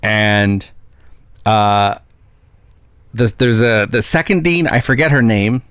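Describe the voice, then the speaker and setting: A man's voice: fairly low pitch, slow pace, fairly bright tone, clean tone, no room sound, clean studio sound. A man co-hosting a casual chat, retelling scenes and quoting characters as he goes. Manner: retells scenes with quoted voices. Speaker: podcast co-host.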